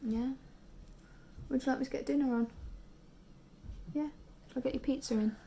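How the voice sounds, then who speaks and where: A British woman in her thirties talks casually into a handheld camera, tired and chatty. Her voice has a gravelly, fry-tinged edge, and she keeps slipping into hushed, whispered asides. A faint hum of noise sits under her. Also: high-pitched, fairly even intonation, normal speed. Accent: British English. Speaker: vlogger and mother. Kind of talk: casual vlog chat.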